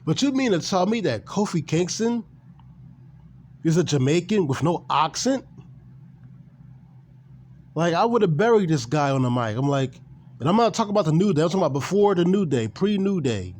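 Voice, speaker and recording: A man's voice: a little high, sing-song, normal speed, pauses often, darkish tone. A man ranting casually and with animation about wrestling, swearing and repeating himself. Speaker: gaming and wrestling commentator. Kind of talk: casual opinion rant.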